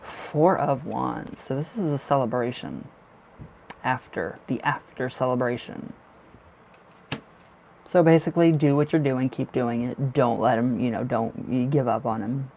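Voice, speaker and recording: A man's voice: mid-range voice, unhurried, vocal fry, darkish tone, slight background noise. A man giving a casual live tarot reading, talking loosely and repeating himself as he goes. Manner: casual, rambling, repeats words. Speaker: tarot reader.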